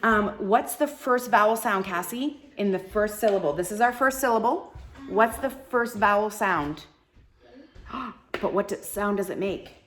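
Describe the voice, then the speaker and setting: A woman teacher leading a live classroom phonics lesson, sounding out syllables slowly and encouraging her students. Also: mid-range voice, fairly bright tone, faint music behind. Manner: slow, drawn-out syllable sounding.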